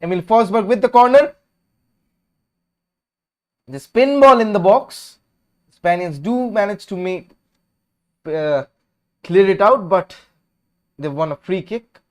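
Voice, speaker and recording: Hosting a live watch-along stream, a high-pitched man talks through a football match slowly and with frequent pauses. His casual take is chatty and opinionated, swinging from lively calls of the play to quiet, sleepy mumbled asides.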